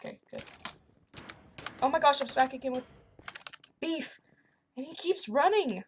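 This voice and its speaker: Chatty young woman, higher voice. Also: unhurried, slight background noise. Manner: chatty, excitable, talks to game characters. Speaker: gaming YouTuber. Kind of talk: casual commentary over gameplay.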